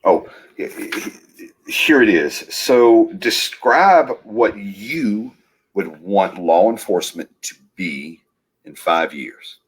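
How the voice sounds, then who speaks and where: Husky low-voiced male police officer. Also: expressive, very slow. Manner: friendly, encouraging questioner. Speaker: police officer asking interview questions. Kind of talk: casual video-call interview. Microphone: video call.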